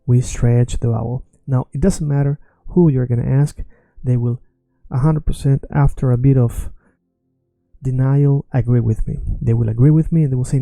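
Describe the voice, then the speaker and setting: A man's voice: medium pitch, normal speed, gravelly, dry recording. A man who is not a native English speaker, confidently explaining a language lesson online. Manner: confident, self-assured, animated explanations. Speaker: language teacher.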